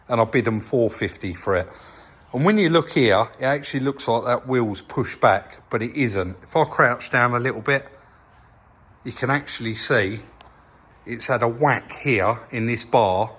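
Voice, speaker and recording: A man's voice: medium pitch, moderate pace, a bit bright, slightly rough. An English man hosting a repair vlog, chatting casually as he points out details in his workshop. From England. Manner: chatty, explains while pointing things out. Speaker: vehicle repair channel host. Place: vehicle workshop, indoors.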